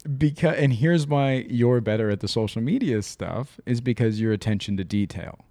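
A man's voice: medium pitch, moderate pace, dark tone, dry recording. A man in his thirties co-hosting a podcast in casual chat, loose and swearing, acting out quoted lines. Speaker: podcast co-host.

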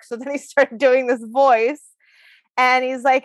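Woman, podcast co-host, casual storytelling, fairly high voice, dry close sound. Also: flat delivery, unhurried, dry recording. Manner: chatty storytelling, swears freely, laughs often. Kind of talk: casual chat.

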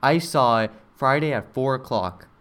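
A young man chatting casually, telling an animated, rambling story with many fillers and mimicking people in high voices. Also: normal speed, clean tone. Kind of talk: casual chat.

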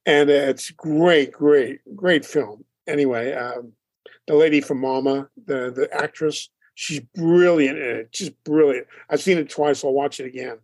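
A man with a somewhat high voice spins lively stories about his bandmates in a casual interview. He acts out little quotes and laughs often. The sound is dry and close. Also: unhurried, no room sound. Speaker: band leader and drummer.

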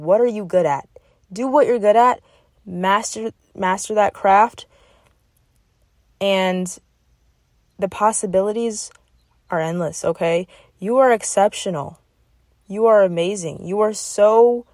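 A woman's voice: mid-range voice, a little mellow, no echo, clean studio sound. A young woman hosting a motivational podcast, speaking in an encouraging way and often checking in with "okay?". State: getting emotional. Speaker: podcast host.

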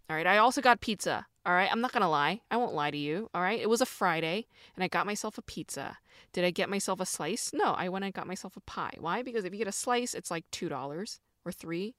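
A woman's voice: on the low side, animated, fast, fairly bright tone, dry recording, clean studio sound. A woman hosting a podcast, talking alone in a rambling, self-mocking way with lots of fillers. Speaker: podcast host. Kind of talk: casual solo chat.

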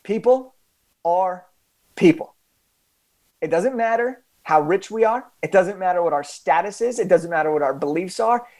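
A young man with a fairly high voice tells a story as a podcast guest. He talks with animated emphasis, often restarting his sentences as he builds the story. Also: brisk, hardly any pauses.

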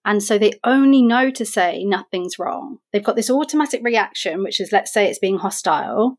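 A woman's voice: medium pitch, animated, normal speed. A woman talking through emotional habits in a casual conversation, reflective and explaining with examples. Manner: reflective, explains with examples and quoted self-talk. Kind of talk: casual podcast chat.

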